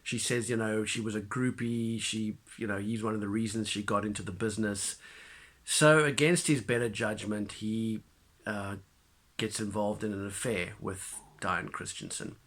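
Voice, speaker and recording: A man's voice: on the low side, normal speed. Chatty man retelling a film plot. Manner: animated retelling, many fillers and restarts. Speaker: film reviewer. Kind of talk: casual spoken film review.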